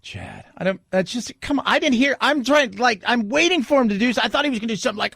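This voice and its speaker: A man's voice: extremely high pitch, big pitch swings, quick pace, vocal fry, pushed and bright, breathy edge. A man hosting a talk radio show, delivering an opinionated monologue with sarcastic, mocking asides.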